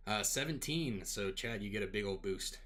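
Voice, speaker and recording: A fairly low-pitched man acts as dungeon master and runs a tabletop role-playing session. He often breaks into laughter between calls. He walks the players through the rules patiently and in plain words. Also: expressive, moderate pace, a bit bright. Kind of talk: running a tabletop game.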